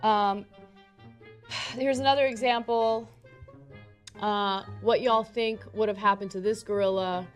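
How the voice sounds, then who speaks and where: Relaxed female co-host with hesitant fillers. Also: medium pitch, a little slow, long pauses, faint music behind. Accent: American. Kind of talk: casual commentary.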